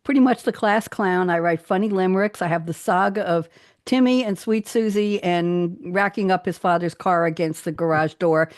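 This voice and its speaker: A woman's voice: fairly low pitch, normal speed, dry recording, studio quality. A woman guest on an interview show, chatting cheerfully, laughing often and reading her own poems aloud. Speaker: guest poet.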